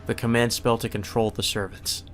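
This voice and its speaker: A man's voice: mid-range voice, flat delivery, moderate pace, faint music behind. A man hosting a let's play, reading a visual novel's narration aloud and breaking in with casual swearing asides.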